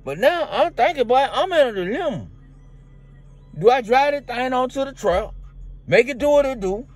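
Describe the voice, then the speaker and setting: A man with a high, light voice talks from inside a truck. He rambles and drawls through a loose comedic monologue. He keeps circling back to calling the listener "shawty.". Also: sing-song, normal speed, soft background music. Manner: rambling, drawling, peppers talk with "boy" and "shawty". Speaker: comedic character vlogger.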